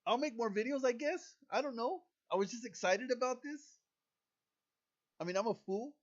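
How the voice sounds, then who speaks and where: A man chatting casually over a video game, excitable and self-deprecating. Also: extremely high pitch, moderate pace, highs cut off. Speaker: gaming YouTuber. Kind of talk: casual gameplay commentary.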